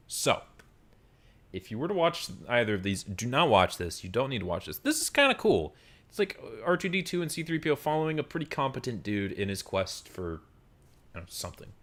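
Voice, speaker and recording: A man giving a casual film review monologue, ranting and swearing freely with lots of fillers. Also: medium pitch. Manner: animated, profane ranting with frequent fillers.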